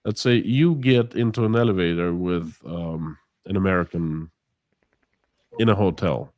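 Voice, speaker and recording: A man's voice: deep voice, measured pace, no echo. A man from Russia, talking in a casual interview and acting out small exchanges as he explains. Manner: animated storyteller, acts out dialogue, many restarts. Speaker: guest.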